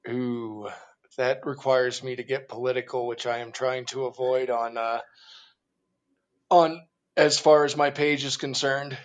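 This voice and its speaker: A man being interviewed as a guest, speaking in a relaxed, easygoing way and laughing along. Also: mid-range voice, measured pace. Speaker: interview guest, group organizer. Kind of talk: casual interview conversation.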